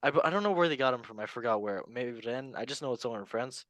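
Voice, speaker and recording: A man hosts a relaxed football talk show in an animated, rambling way, often repeating words as he thinks. His voice sits at a middle pitch and is recorded dry and close. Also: racing, no echo. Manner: animated, chatty, repeats himself. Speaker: podcast host. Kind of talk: casual sports chat.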